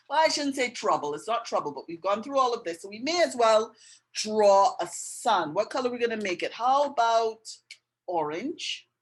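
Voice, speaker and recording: A woman's voice: fairly high pitch, big pitch swings, normal speed, poor audio. A middle-aged woman giving a patient step-by-step art and writing lesson, often checking in with the viewer. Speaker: art and language tutor.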